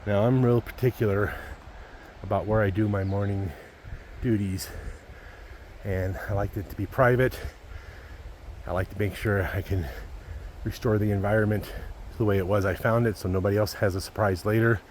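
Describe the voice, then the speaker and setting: A middle-aged man with a somewhat low voice narrates his backpacking trip in a relaxed, folksy way, calling his viewers "folks." He's outdoors in the mountain woods, and a faint hiss of outdoor noise sits under his voice. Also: normal speed. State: a little out of breath. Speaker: backpacking vlogger. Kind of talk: casual outdoor vlog narration.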